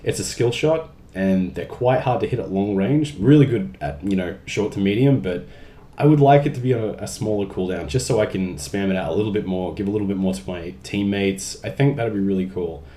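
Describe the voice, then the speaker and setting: In a room with noticeable echo, a young man with a low-leaning, dark voice speaks briskly while answering fan questions for his vlog. He reads them aloud one by one, chatting and joking throughout.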